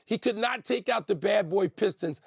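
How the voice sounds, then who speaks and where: Male sports co-host, very high pitch, emphatic and stubborn, bone-dry studio sound. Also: animated, normal speed, gravelly, slightly rough, no echo. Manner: emphatic, insistent, talks over his partner. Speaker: sports talk show co-host. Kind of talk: sports debate show.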